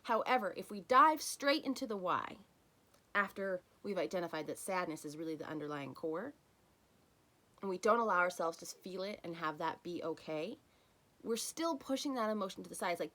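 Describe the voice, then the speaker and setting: A woman hosting a solo self-help podcast, talking in an earnest, encouraging way and softening to near-whispers on key phrases. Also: lowish voice, animated, moderate pace. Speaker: podcast host.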